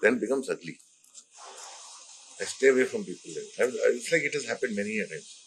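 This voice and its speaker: A man's voice: lowish voice, animated, brisk, fairly bright tone, slight background noise, rough recording. A middle-aged man with an Indian English accent, a film director telling rambling stories in an interview and slipping into Hindi phrases. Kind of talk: casual interview talk.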